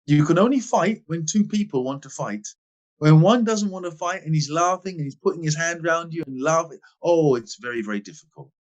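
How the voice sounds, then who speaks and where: Older guy from england telling stories, kinda high-ish voice, punches words then drops quiet. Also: expressive, fairly quick, lo-fi sound. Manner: emphatic, swings between loud stress and quiet asides. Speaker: guest, former footballer. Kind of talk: animated storytelling in a podcast interview.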